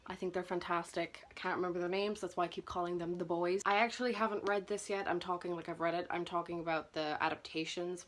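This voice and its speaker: A woman's voice: lowish voice, a bit bright. A young woman chatting nervously and self-consciously through her book collection for a vlog. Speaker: booktuber. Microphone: camera mic.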